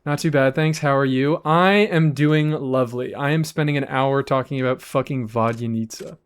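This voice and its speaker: A man streaming a game live, chatting casually with his audience in an animated, rambling way and swearing freely. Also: medium pitch, moderate pace, clear, resonant tone.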